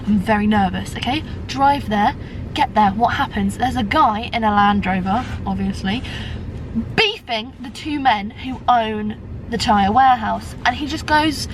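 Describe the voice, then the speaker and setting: A young British woman with a high voice chats rambling and self-deprecating to her phone camera. She swears freely while sitting in her car. Road noise hums clearly underneath. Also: expressive, a little fast. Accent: British English. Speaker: vlogger. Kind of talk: casual chat to camera.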